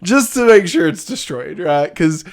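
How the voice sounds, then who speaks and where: A man recapping an episode in a rambling, animated comic style. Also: fairly high pitch, moderate pace, creaky.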